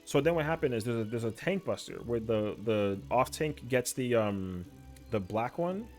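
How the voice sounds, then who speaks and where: A man's voice: mid-range voice, normal speed, faint music behind. Slangy young man telling gaming stories. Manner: slangy, animated storytelling. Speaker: streamer. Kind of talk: casual chat.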